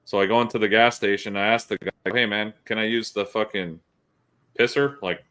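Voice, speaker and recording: A man's voice: fairly low pitch, a little fast, smooth. A male podcast host, telling profane stories in casual chat. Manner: profane, animated storyteller.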